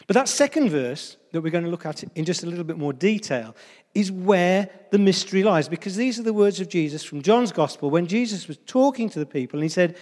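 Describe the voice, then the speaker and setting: A man's voice: high voice, animated, a little fast, a little mellow. A man preaching a sermon to a congregation in a chatty, humorous way, often addressing them directly. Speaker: pastor. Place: church hall before a congregation. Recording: long reverb of a church hall.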